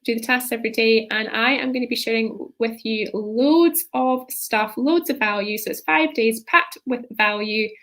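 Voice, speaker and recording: Chatty woman coach, higher voice. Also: normal speed, hardly any pauses, a bit bright. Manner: rambling, tags sentences with "right?". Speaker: leadership coach. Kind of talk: live-streamed coaching talk.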